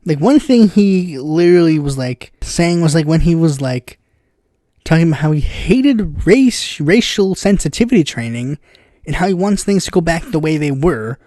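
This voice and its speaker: A man's voice: on the high side, animated, moderate pace, mellow, dry recording, studio quality. A man hosting a casual political commentary podcast, rambling with lots of fillers and bursts of exasperated impressions.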